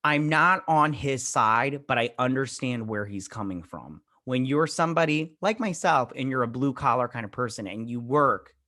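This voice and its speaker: A man's voice: mid-range voice, moderate pace, few pauses, pushed and bright. A man in a mid-range voice recaps a TV episode in a loose, rambling way. He acts out bits of what characters say and drops blunt, sometimes crude asides. He sounds like a casual review host.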